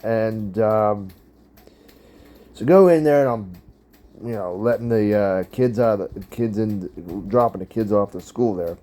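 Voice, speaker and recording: A man's voice: lowish voice, a little slow, dark tone. A middle-aged man hosting a casual vlog, rambling through a funny personal story, laughing along and talking straight to his viewers. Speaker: vlog host.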